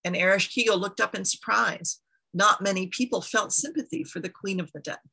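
A woman telling an ancient myth out loud, with a bright, gravelly and husky voice. She keeps an unhurried storytelling rhythm and slips into chatty asides now and then. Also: mid-range voice, low-quality recording.

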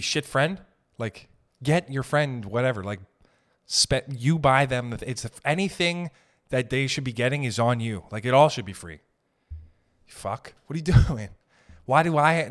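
A man in his thirties with a mid-range, slightly bright voice hosts a solo podcast. It's a comedic rant, profane and exasperated, rambling and full of restarts.

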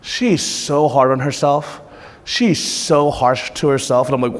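A pastor giving a conversational sermon, moving between lively asides and quiet, intense passages. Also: male voice, mid-range voice, a little slow. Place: church hall. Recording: long reverb of a hall.

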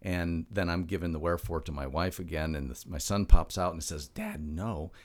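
A middle-aged man with a very low, deep voice, speaking as a health expert guest in a relaxed interview. He presses his points with rhetorical questions and slips easily into chatty stories. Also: brisk. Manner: emphatic, fond of rhetorical questions; chatty anecdotal storyteller. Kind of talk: conversational podcast interview.

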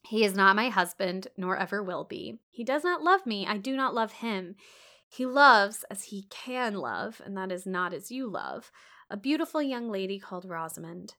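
A woman's voice: medium pitch, expressive, normal speed, pushed and bright. A woman reading the part of an earnest, devoted young woman, speaking emphatically in a storybook reading.

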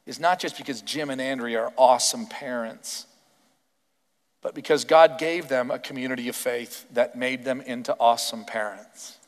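A Canadian man preaching a sermon as pastor, emphatic and animated, firing off rhetorical questions. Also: medium pitch, in a large hall.

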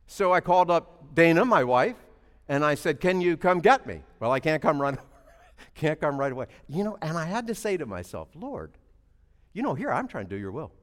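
A man preaching a sermon, telling a story and then building to loud, emphatic preaching. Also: fairly high pitch, big pitch swings, moderate pace, long reverb tail.

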